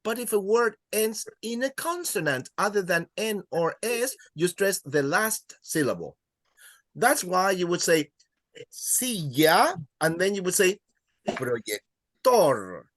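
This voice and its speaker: A man's voice: high voice, moderate pace, a bit bright, no room sound, clean studio sound. A man teaching a beginner Spanish class, counting students in and praising their answers. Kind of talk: classroom language lesson.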